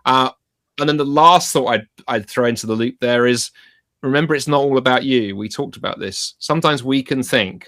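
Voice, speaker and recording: Guy guesting on a podcast, mid pitch, chatty and self-deprecating, does little voices for quotes. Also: fairly bright tone, no echo, clean studio sound. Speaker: podcast guest, evangelism teacher. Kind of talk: casual interview chat.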